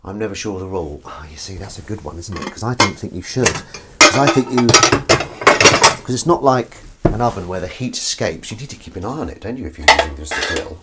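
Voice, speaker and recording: A man with a fairly low voice chats to his viewers as he washes up, drifting between asides and poking fun at himself. His talk is loose and full of restarts. Plates, pans and cutlery clatter clearly behind him in a home kitchen. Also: lively intonation, fast talker, heavy background noise. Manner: chatty and rambling, self-deprecating, frequent restarts and asides to viewers. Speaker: livestream host. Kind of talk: casual chat while washing up, reading viewer comments.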